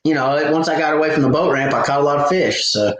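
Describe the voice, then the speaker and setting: A man's voice: a little high, fast talker, fairly bright tone, slight background noise. A man hosting a live fishing Q&A stream, telling stories casually with lots of fillers and restarts. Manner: rambling storyteller with many fillers and restarts. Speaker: fishing channel host. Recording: very echoey room.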